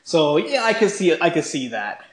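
A man's voice: on the high side, very animated, normal speed, reverberant. A man co-hosting a podcast, chatting earnestly and calling his partner "bro". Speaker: podcast co-host. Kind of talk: casual chat.

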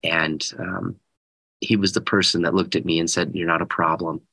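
Man, thirties, guest speaker, earnest animated storytelling, low voice, dry sound. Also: moderate pace, creaky, no room sound, low-quality recording. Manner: earnest, animated storyteller who acts out quotes. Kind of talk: storytelling in an interview.

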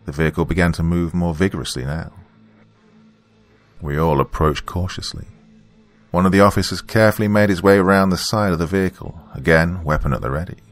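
A man narrating a first-person story in a dramatic, expressive storytelling manner. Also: low-pitched. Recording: faint background music.

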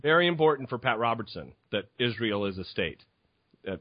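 A man's voice: medium pitch, lively intonation, fairly quick, dry recording, dull audio. Sarcastic, profane podcast host, man. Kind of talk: casual chat.

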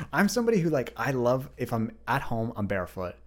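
A man's voice: mid-range voice, very animated, fairly quick. A young man hosting a solo podcast, chatting freely and rambling straight to his listeners. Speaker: podcast host. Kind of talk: unscripted solo podcast chat.

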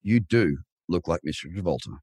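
A man's voice: low voice, lively intonation, normal speed, a little mellow, breathy edge, dry recording. Man, podcast host, playful, teasing, dry close sound. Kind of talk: joking interview intro.

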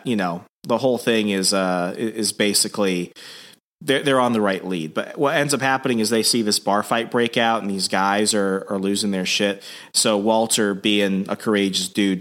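A man's voice: lowish voice, normal speed. Guy hosting a podcast, casual comic recap, chatty with lots of ums. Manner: animated storytelling with many fillers. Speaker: podcast host.

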